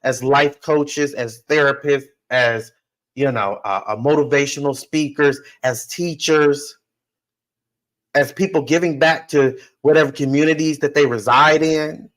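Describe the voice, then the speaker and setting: A man's voice: a little high, fairly even intonation, unhurried, a bit bright, low-quality recording. A man hosting a podcast, telling a personal story in an emphatic monologue that repeats phrases and addresses listeners directly. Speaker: podcast host.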